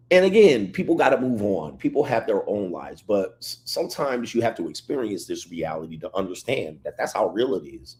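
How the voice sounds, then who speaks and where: A man hosting a casual livestream, reading chat comments and telling stories in an animated way. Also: fairly low pitch, brisk, hardly any pauses. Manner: animated storytelling, reads chat comments aloud. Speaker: livestream host.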